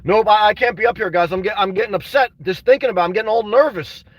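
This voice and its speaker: Young guy ranting on a live stream, high voice, says man every other sentence, dry close sound. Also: quick pace, no echo, far from the mic. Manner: restless, says "man" constantly, swings to shouting. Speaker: vlogger reading live chat. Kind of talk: emotional livestream chat.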